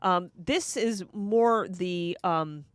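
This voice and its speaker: A woman's voice: on the low side, smooth, dry recording, studio quality. Chatty woman explaining local politics. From Florida. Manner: chatty, many restarts, brisk explaining. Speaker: podcast co-host. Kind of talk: casual political chat.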